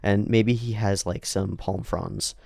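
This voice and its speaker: A man's voice: fairly low pitch, steady tone, takes it slowly, creaky, darkish tone, no echo, studio quality. A man thinking aloud in casual commentary while he sketches, rambling and trailing off. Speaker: channel host.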